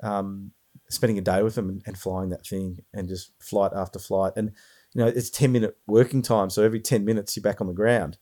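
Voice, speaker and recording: A man hosts a casual podcast chat in a fairly low, mellow voice. He talks with eager enthusiasm, rambling and restarting his sentences as he goes. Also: steady tone, a little fast. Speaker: podcast host.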